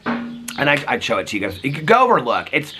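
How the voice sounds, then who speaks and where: A man's voice: medium pitch, wildly swooping pitch, fast, sharp tone, faint music behind. A middle-aged man vlogging casually in a chatty, rambling way, often laughing. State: out of breath. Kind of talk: casual vlog chat.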